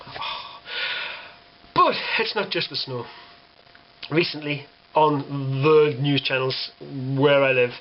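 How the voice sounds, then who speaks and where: A man's voice: on the high side, lo-fi sound, slight background noise. A young British man delivering a sarcastic, exasperated rant to camera, swearing freely. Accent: British English. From Britain. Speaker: vlogger. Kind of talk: ranting monologue.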